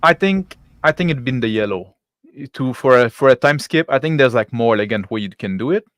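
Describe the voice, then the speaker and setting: Halting non-native-English man, dry sound. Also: mid-range voice, animated, fairly bright tone, dry recording. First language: not English. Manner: halting, restarts phrases, non-native grammar. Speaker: game master and podcast host. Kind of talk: casual discussion.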